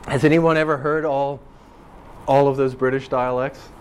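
A language professor lectures his linguistics class on dialect differences, rambling and thinking aloud with lots of ums and restarts. His medium-pitched voice is a little mellow, flat in delivery, and at a normal speed, with slight background noise.

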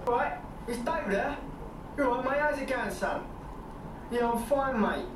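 A man's voice: very high voice, expressive, normal speed, reverberant, far from the mic, background noise, voice pushed up. A man putting on the voice of a brash, swearing young man on the phone, in crude slang, heard from a video played through room speakers.

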